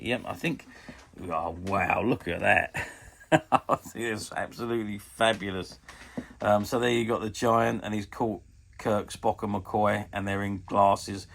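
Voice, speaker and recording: Gravelly low-voiced man in his fifties. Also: a bit bright, a little hiss or hum. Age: 50s. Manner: chatty and hesitant, often pausing with ums. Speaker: toy collectables dealer. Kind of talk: casual show-and-tell product review.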